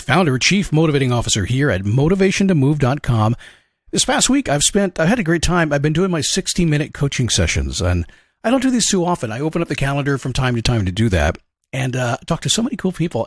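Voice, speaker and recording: A man hosting a motivational show, talking in an energetic, conversational way and acting out questions and a dog's thoughts. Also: mid-range voice, slightly rough, no echo, studio quality. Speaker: motivational coach and podcast host. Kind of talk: upbeat motivational monologue.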